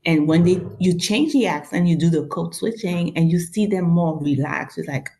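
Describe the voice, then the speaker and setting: A woman from New York with a Haitian-influenced accent chats casually as a guest, speaking at a moderate pace in a fairly low pitch with few pauses. She's expressive and acts out little quoted exchanges.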